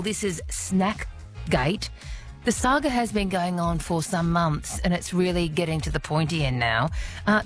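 A middle-aged Australian woman hosts evening talkback radio on a studio mic. She talks chattily and laughs often as she puts questions to her listeners. Her voice sits a little low for a woman.

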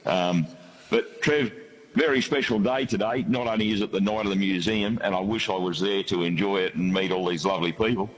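Sixties Australian caller, lowish voice, jovial, laughs easily. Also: male voice, a little fast, in a large hall, poor audio. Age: 60s. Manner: chuckling, jovial. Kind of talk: phone-in chat.

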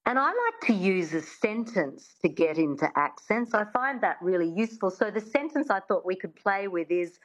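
A woman who grew up in Australia works as a dialect coach, breaking sounds down and saying them slowly for her student. The recording is a little dull and muffled. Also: mid-range voice, sing-song. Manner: demonstrative, slows down to model sounds. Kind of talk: teaching an accent in an interview.

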